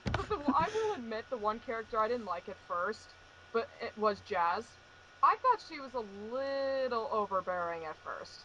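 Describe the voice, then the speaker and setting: A woman co-hosting a casual fan podcast, chatty and quick to laugh, with fillers. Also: on the high side, lively intonation, background noise. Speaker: podcast co-host.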